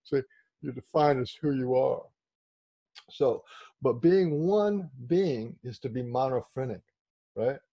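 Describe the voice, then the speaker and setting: A man's voice: mid-range voice, lively intonation, slow, long pauses, dull audio. A man speaking to a discussion group, explaining ideas and often checking in with listeners. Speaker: workshop speaker.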